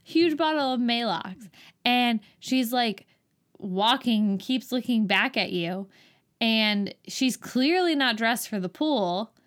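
A woman's voice: a little high, slow pace. Exasperated woman podcaster recapping a movie. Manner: exasperated, incredulous, animated storytelling. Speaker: podcast co-host. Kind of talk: casual movie recap chat.

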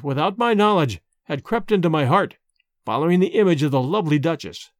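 Male audiobook narrator, expressive and measured, dry close sound. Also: on the high side, no echo.

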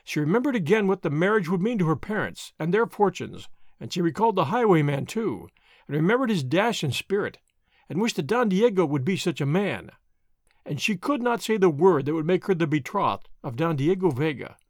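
A man narrating a classic novel in a measured storytelling manner. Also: sits high, lively intonation, dry recording, clean studio sound. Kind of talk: audiobook narration.

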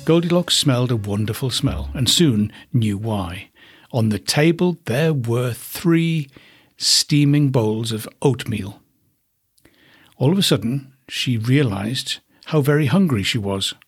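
A man, a podcast host, narrating a children's storybook in an expressive, unhurried way. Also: mid-range voice, breathy edge.

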